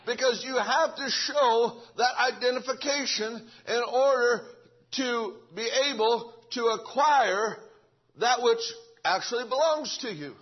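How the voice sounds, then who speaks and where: A man's voice: extremely high pitch, measured pace, dull audio. A man preaching a sermon in a folksy way, stumbling over restarts and calling out amen.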